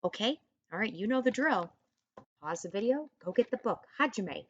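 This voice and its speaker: Sounding out words slowly for young children, a woman leads an encouraging online reading lesson for first graders. She has an expressive, mid-range voice, though the audio is dull.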